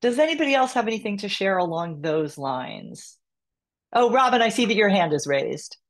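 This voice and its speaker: A woman's voice: medium pitch, big pitch swings, normal speed. A woman hosting a support group on a video call, affirming and encouraging the members.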